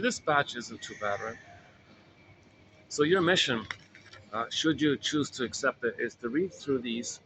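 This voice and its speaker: A man's voice: mid-range voice, sharp tone, a little hiss or hum, low-quality recording. A man casually coaching a self-help group, rambling and repeating himself as he explains an exercise. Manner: rambling, repeats words and restarts phrases.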